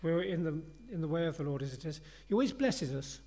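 A man's voice: a little high, lively intonation, quick pace, a little mellow. A man preaching a sermon in an earnest, conversational and reflective way.

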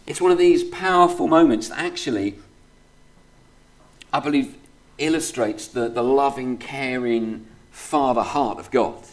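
Male preacher, mid-pitch, conversational sermon delivery with scripture reading. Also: normal speed. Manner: conversational, many fillers like "kind of" and "you know"; reads scripture aloud steadily.

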